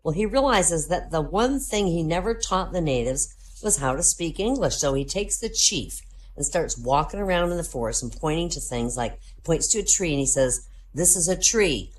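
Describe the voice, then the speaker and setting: A woman with a lowish voice tells joke after joke as a live comedy set in a voice chat. She narrates steadily and builds toward each punchline. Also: animated, normal speed. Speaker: comedian telling jokes.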